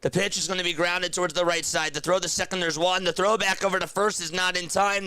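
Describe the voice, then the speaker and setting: A man's voice: a little high, clear, resonant tone, dry recording. Emotional young man calling baseball on stream. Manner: excitable, shouts thanks to donors, turns emotional and quiet. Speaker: play-by-play streamer. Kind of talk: live baseball play-by-play on a charity stream. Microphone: headset.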